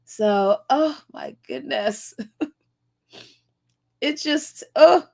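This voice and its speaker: Drawing out her words with vocal fry, a woman with a high yet darkish-toned voice hosts a live stream in New York. She reads the chat aloud, gushing and laughing on the verge of tears.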